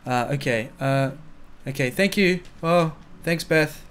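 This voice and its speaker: A young man improvising a casual roleplay, talking in a jumpy, excitable way that tips quickly into panic. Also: fairly high pitch, clean tone. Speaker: roleplay player.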